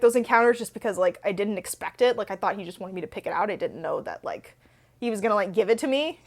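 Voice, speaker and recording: A young adult woman hosting a book channel, telling stories in a chatty, rambling way full of fillers. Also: mid-range voice. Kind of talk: casual Q&A storytelling.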